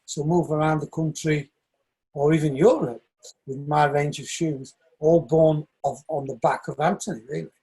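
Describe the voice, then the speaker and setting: A man in his sixties, a shoemaker and dance coach, telling lively stories in a casual interview and acting out other people's voices. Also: fairly high pitch, normal speed, breathy edge, poor audio. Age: 60s. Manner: animated storyteller, acts out quoted voices.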